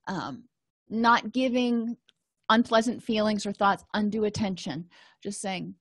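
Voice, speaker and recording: Woman, counselor giving a lecture, conversational, everyday examples, medium pitch, dry room. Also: normal speed, no echo. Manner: conversational, explains with everyday examples and quoted self-talk. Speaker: counselor and trainer. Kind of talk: educational lecture on therapy.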